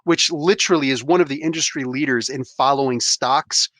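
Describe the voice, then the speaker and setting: A man's voice: mid-range voice, a little fast, a bit bright, dry recording. A man hosting a casual podcast chat who rambles with heated, restarting rants. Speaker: podcast host.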